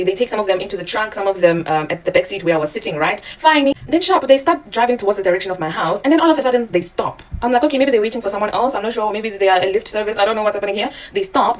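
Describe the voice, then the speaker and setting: A woman who teaches in Japan, telling a story vlog-style and acting out the dialogue in it with animated voices. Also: medium pitch, recorded from a distance. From South Africa.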